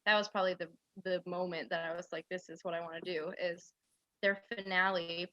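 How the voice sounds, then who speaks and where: A twentysomething aspiring actress from central New York, guesting on an interview, tells a rambling story stuffed with "like." Her voice is fairly low, level, fairly quick, bright, and forceful, with no room sound on a muffled recording.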